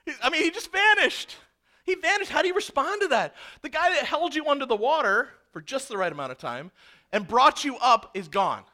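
A male pastor preaching a sermon, animated and acting out the people in the story. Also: very high-pitched, brisk. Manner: animated, acts out characters.

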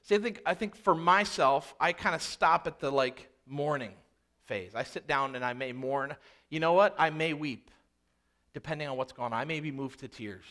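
A man preaching a sermon, moving between quiet, slow reflection and loud, urgent reenactments of prayer. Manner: earnest preaching with dramatic dynamic swings, quieting low then rising loud. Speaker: pastor.

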